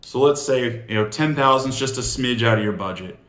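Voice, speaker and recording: A man's voice: mid-range voice, fairly quick. Man coaching sales in an echoey room. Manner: animated, acts out sales dialogues. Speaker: sales trainer. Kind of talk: casual sales coaching monologue.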